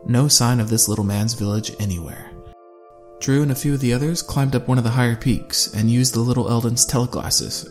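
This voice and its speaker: A man narrating a first-person survival story in a steady, measured way. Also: mid-range voice.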